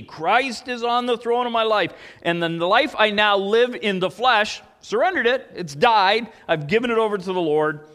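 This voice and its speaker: A man preaching a sermon, telling stories with emphatic swings between loud and soft. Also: sits high, lively intonation, moderate pace, hardly any pauses, long reverb tail. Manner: storytelling, emphatic, rises and drops in volume.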